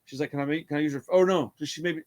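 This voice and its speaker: Excitable, foul-mouthed man reviewing a movie. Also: on the high side, very fast. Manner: excitable, swears a lot, laughs often, acts out scenes. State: hyper and tired. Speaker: podcast co-host. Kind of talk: casual movie review chat.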